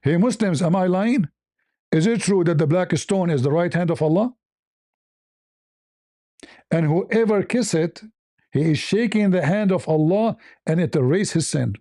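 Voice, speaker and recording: A man's voice: sits high, expressive, unhurried, pauses often, dark tone, dry recording, studio quality. Combative, sarcastic male debater. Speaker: online debater. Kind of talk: mocking commentary.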